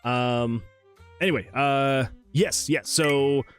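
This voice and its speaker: A man's voice: mid-range voice, takes it slowly, soft background music. A man streaming his game development, chatting in a casual, rambling way and poking fun at himself. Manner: rambling, chatty, with self-deprecating asides. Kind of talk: casual livestream chat.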